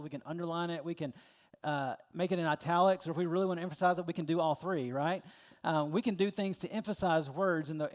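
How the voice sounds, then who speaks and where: A middle-aged man delivers a sermon in a relaxed, folksy manner, full of asides and filler words. His voice sits a little high for a man. He speaks as a pastor talking with his congregation.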